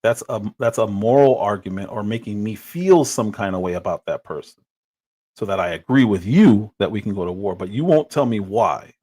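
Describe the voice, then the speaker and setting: A man's voice: on the low side, lively intonation, normal speed, mellow, breathy edge. A man hosting a livestream, giving exasperated, mocking reaction commentary. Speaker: livestream host.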